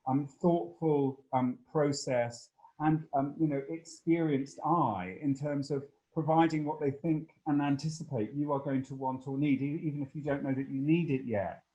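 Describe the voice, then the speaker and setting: A man giving a long, animated interview answer, full of fillers and playful asides. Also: a little high, normal speed, hardly any pauses, highs cut off. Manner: expansive, animated storytelling with many fillers.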